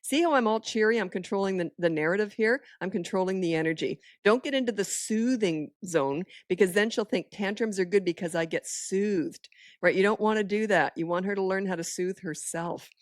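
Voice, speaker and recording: A woman's voice: mid-range voice, a little fast, dry recording, studio quality. A woman talking as a parenting expert in a casual podcast chat, firm, direct and matter-of-fact.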